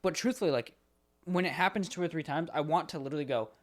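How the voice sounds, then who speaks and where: A man's voice: fairly high pitch, fast talker. A young man co-hosting a podcast, ranting in casual chat, swearing a lot and acting out exasperated phone calls. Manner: animated, swearing, acts out exasperated phone callers. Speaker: podcast co-host.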